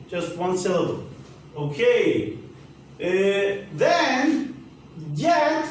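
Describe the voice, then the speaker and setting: A man with a Turkish accent teaching an English grammar lesson, speaking slowly and emphatically and spelling letters out. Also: high-pitched, very echoey, far from the mic, a little hiss or hum, rough recording.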